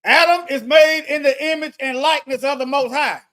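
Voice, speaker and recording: A man's voice: very high-pitched, brisk, sharp tone. A man giving an informal Bible study, thinking aloud in colloquial speech and often repeating himself as he looks up words. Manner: colloquial, repeats and restarts phrases while reading from a lexicon.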